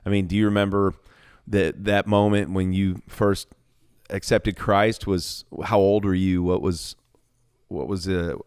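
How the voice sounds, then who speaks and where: A man's voice: low voice, flat delivery, unhurried, a little mellow, smooth, no echo, clean studio sound. A man hosting a podcast, asking curious questions that he rephrases as he goes. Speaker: podcast host. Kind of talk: interview questions.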